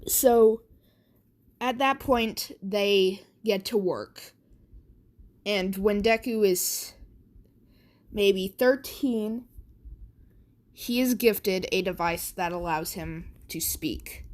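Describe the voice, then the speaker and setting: A woman's voice: mid-range voice, drawn-out words, long pauses, darkish tone. A woman casually narrating a fan story, rambling with many fillers and restarts.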